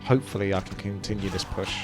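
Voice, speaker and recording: A young, chatty male commentator speaks quickly in a low-pitched voice, explaining strategy as he plays a strategy game. It's casual gameplay commentary with game music in the background.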